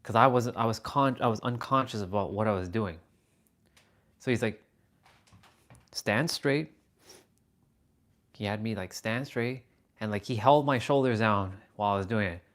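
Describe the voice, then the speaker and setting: A man's voice: fairly low pitch, fairly quick, a bit bright. A man hosting a casual livestream, telling a story animatedly and answering viewer comments. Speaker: livestream host.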